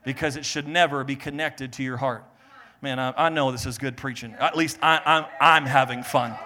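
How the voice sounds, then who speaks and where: A male pastor preaching a sermon, animated, acting out little quotes and joking with the congregation. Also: medium pitch, normal speed.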